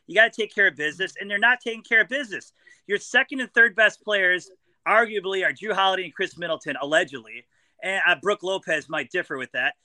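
A man's voice: high-pitched, fast talker, sharp tone, dry recording. A man calling into a sports show, arguing bluntly about his team. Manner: blunt, argumentative. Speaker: caller. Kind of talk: call-in sports debate.

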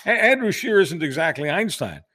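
A man's voice: fairly high pitch, very animated, brisk, sharp tone, breathy edge. A man co-hosting a political podcast, opinionated and emphatic, often restarting his sentences. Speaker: podcast co-host. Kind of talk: casual political chat.

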